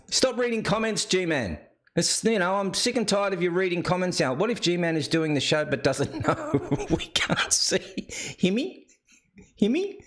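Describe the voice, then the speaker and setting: A man's voice: on the high side, a bit bright. An Australian man hosting a live chat show and reading viewer comments aloud. He keeps breaking into laughter. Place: indoors.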